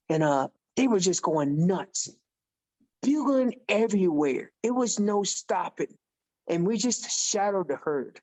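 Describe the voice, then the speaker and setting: Animated storytelling man on a podcast. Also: high voice, a little slow. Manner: animated storyteller who acts out quoted dialogue. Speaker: podcast guest, elk calling champion. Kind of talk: casual storytelling.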